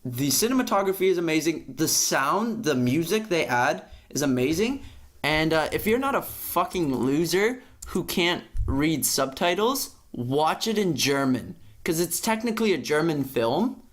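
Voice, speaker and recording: A young man with a slightly high voice chats on a podcast. He rants in a casual, profane way, and his voice jumps sharply upward when he gets worked up. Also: measured pace. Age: young adult. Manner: profane, animated ranting with sudden pitch jumps. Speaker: podcast co-host. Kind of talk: casual chat.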